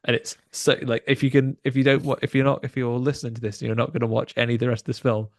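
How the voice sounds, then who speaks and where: A man with a gravelly voice tells a film's story on a podcast. His telling rambles and restarts often, and he sounds animated. His mid-range voice is recorded close and dry. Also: mid-range voice, very fast, no room sound. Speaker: podcast co-host. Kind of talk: casual chat recapping a film.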